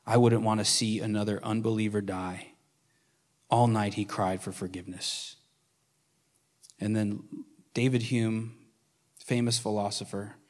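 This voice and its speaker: A male pastor preaching a sermon with earnest, shifting emphasis, at times dropping to a hush and then building up again. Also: on the low side. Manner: earnest preaching, swings between hushed and emphatic. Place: church sanctuary.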